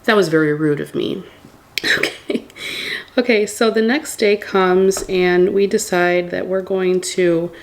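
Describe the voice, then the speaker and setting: A woman casually telling a storytime tale to her viewers, animated and acting out what people said. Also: lowish voice, unhurried. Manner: animated retelling, acting out quoted dialogue.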